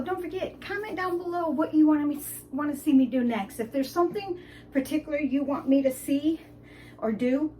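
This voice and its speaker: Vlogger woman from the Detroit area, high voice, rambling chat, a little far from the mic. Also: darkish tone, slight background noise. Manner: chatty and rambling, with frequent fillers. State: out of breath. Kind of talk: casual vlog chat. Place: indoors at home, then outdoors at a theme park.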